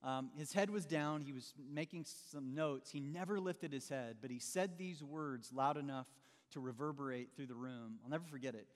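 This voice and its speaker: A man's voice: mid-range voice, normal speed. A middle-aged man preaching a sermon in a loose, conversational way, often addressing listeners as "man" and acting out everyday excuses. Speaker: pastor. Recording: long hall reverb.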